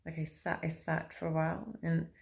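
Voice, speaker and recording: A woman with a low voice and a gravelly, creaky edge recounts a personal experience straight to camera. She rambles and hesitates, circling back with fillers and restarts as she tells it. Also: steady tone, a little fast. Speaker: vlogger.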